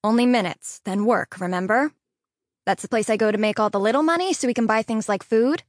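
A woman reading the lines of a weary, impatient working mother in an audiobook, her voice lower and flatter than her narration, with a dry close sound. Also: brisk, no echo, natural voice.

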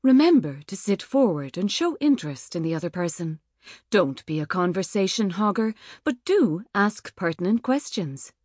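A woman reading an audiobook in a measured, wry manner. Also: mid-range voice, sing-song, darkish tone, slightly rough, no echo, clean studio sound. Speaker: audiobook narrator. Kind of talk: scripted narration. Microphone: studio microphone.

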